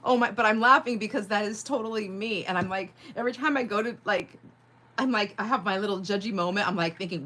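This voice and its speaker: A woman's voice: mid-range voice, fast talker, bright, forceful tone. A woman hosting a casual crafting livestream, chatting as she works, often laughing and answering viewers' comments. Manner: rambling and chatty, heavy on "like", laughs easily; reads viewer comments aloud and answers them.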